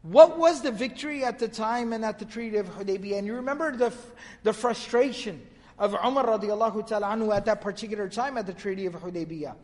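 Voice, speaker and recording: A man's voice: sits high, fast talker, darkish tone, in a large hall. A man giving a religious lecture, retelling narrations in a storytelling manner and quoting Arabic. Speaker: Islamic lecturer.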